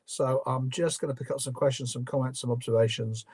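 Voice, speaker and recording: A man's voice: medium pitch, fairly even intonation, brisk, a little mellow, slightly rough. A man hosting a live stream, reading viewer questions and answering with opinionated, conversational commentary full of ums and restarts. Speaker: livestream host.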